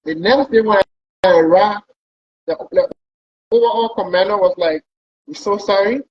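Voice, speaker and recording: In a dull, lo-fi recording, a man with a high-pitched, husky voice talks at a moderate pace. He's a pilot on as a guest, casually rambling through an account of his long trip, with plenty of repeated words, in a conversational storytelling style.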